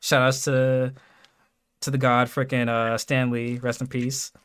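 An excitable man from New York chatting on a podcast. His voice sits in a middle register and jumps around as he gets worked up. He talks loosely, swearing for emphasis. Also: medium pitch, unhurried, clear, resonant tone. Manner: animated, excitable, swears casually. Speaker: podcast host. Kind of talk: casual chat.

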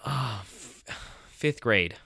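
A young man co-hosting a casual podcast, telling stories with lots of laughter and acted-out bits. His voice is mid-pitched and moves around a lot. It is recorded close and dry. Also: drawn-out words, husky, no echo. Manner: animated storyteller, laughs often, acts out voices. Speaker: podcast co-host. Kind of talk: casual chat.

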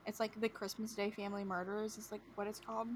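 A woman's voice: mid-range voice, little pitch movement, fast talker, slight background noise. A young woman co-hosting a podcast, casually retelling a show's plot with lots of filler and quoted voices. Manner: rambling retelling with many likes and quoted voices. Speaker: podcast co-host. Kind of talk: casual storytelling chat.

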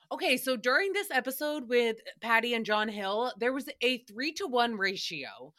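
A woman's voice: a little high, sharp tone. A woman hosting a podcast, giving a sassy, giggly comedic recap in a chatty monologue. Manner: sassy, giggly, jumps between voices and rhymes. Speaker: podcast host.

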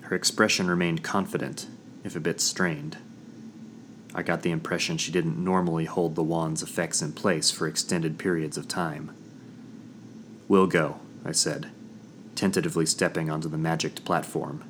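A man narrating a first-person fantasy audiobook in a measured, dramatic storytelling manner. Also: very deep voice, level tone, fairly bright tone, a little hiss or hum.

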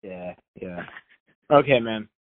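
A man co-hosting a podcast in casual chat, excitable and saying "dude" a lot. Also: on the low side, slow, no room sound. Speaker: podcast co-host. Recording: dry, tinny phone-like sound.

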